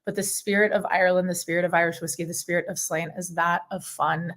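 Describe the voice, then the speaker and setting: A woman brand ambassador presents to a live audience in a slightly low voice. She sounds enthusiastic and casual. She often pauses on an um before going on. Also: steady tone, a bit bright. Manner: enthusiastic and chatty, with frequent ums.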